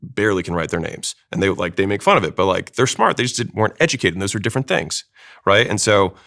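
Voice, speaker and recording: Fast-talking low gravelly man. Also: fairly bright tone. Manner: fast, emphatic teaching delivery. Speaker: sales expert guest. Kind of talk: panel discussion.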